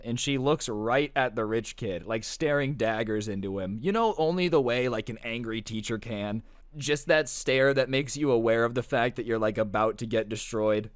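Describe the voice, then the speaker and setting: A man narrating a storytime video in a casual, animated way, full of slangy asides. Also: medium pitch, normal speed, smooth, no room sound. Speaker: storytime YouTuber.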